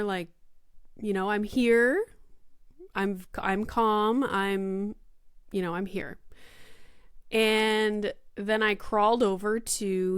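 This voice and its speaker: A young woman hosting a podcast, telling a story in casual chat full of "like" and "you know", quoting herself in lively voices. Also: mid-range voice, smooth, dry recording, studio quality. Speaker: podcast host.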